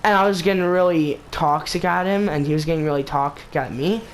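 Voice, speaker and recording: A man's voice: on the high side, a little fast, a little hiss or hum, poor audio. Rambling young-sounding guy telling a gaming story. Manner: rambling, filler-heavy retelling with lots of "basically" and "like". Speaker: gaming channel host. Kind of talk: casual storytime vlog.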